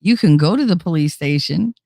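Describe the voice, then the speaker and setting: A woman hosting a casual livestream, talking straight to her chat in a blunt, outspoken way. Her voice sits a bit low for a woman, and she curses freely. The sound is close and dry, with no room echo at all. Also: lively intonation, brisk, creaky, darkish tone. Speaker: livestream host reading chat.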